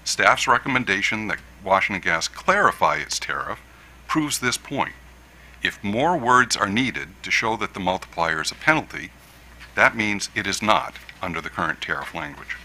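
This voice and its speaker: A man, an attorney, making a measured formal legal argument at a hearing, stressing key words. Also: sits low, animated, sharp tone, a little hiss or hum, rough recording. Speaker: attorney for a utility. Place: hearing room.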